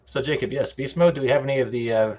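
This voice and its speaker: A man's voice: mid-range voice, fast, darkish tone, slight background noise. A man hosting a podcast, casually relaying listener questions to his guest.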